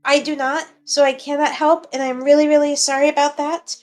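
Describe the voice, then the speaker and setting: A woman voicing an earnest, formal young female adventurer who speaks politely and hesitantly, with many pauses. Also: high voice, flat delivery, a little mellow, lightly acted.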